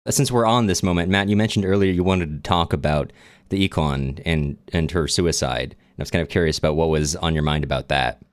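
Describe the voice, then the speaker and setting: A man co-hosting a book podcast, talking thoughtfully with halting restarts. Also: very deep voice, no echo, clean studio sound. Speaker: podcast co-host. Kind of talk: casual book discussion.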